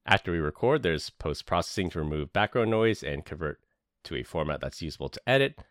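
Low-pitched and expressive, this man speaks briskly in a slightly bright voice, captured in clean studio sound with no room sound. As a podcast host, he earnestly narrates a prepared year-end recap, alternating scripted narration and casual conversation.

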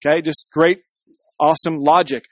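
A man's voice: a little high, fairly even intonation, normal speed, a bit bright, no room sound. A man preaching a sermon, conversational, with frequent asides to the congregation. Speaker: pastor.

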